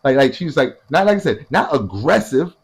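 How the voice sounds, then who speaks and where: A young man telling a story casually, animated and profane, acting out what other people said. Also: fairly high pitch, moderate pace, breathy edge.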